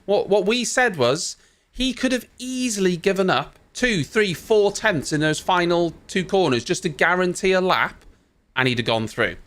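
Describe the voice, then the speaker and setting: Bright-voiced ranting man. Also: high-pitched, expressive, moderate pace. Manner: exasperated, ranting, swears casually. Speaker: host of a race watchalong. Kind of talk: live reaction commentary.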